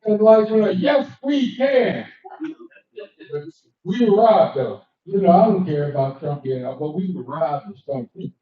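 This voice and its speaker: An older man doing crude, animated stand-up comedy, slipping into quick character voices as he tells his stories. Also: a little high. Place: cigar lounge comedy stage. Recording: echoey distant dull live-room recording.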